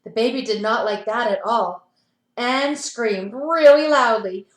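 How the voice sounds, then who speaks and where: Woman playschool teacher, picture book read-aloud, animated with asides, high voice, echoey room, video call. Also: unhurried. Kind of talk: reading a picture book to children.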